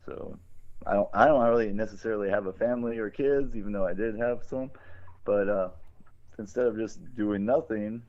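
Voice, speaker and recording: A man co-hosting a podcast, rambling loosely from topic to topic and swearing freely. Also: on the low side. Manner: rambling, profane and animated. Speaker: podcast co-host. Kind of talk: casual podcast chat. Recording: dull lo-fi recording.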